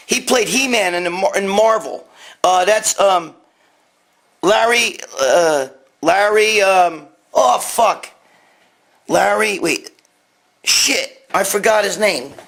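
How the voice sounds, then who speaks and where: This New Yorker speaks in a high, somewhat bright voice with lively intonation, a slow pace and long pauses. Hosting a laid-back live stream, he reads viewer questions aloud from his phone, cursing and rambling as he answers.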